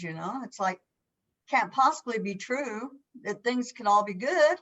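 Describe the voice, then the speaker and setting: A woman's voice: fairly high pitch, expressive, unhurried, a bit bright, highs cut off. A woman co-hosting a spirituality talk show, blunt and fiery, swearing freely in casual chat.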